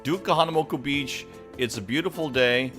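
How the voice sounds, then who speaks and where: A man's voice: medium pitch, brisk, fairly bright tone, soft background music. A man hosting a casual live entertainment stream, upbeat and chatty as he greets viewers by name. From Hawaii.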